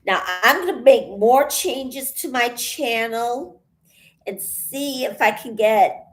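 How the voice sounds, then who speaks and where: Slow, breathless woman rambling while crafting. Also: fairly high pitch, expressive. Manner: rambling, thinks aloud, pauses often. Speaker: channel host. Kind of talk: casual vlog while painting.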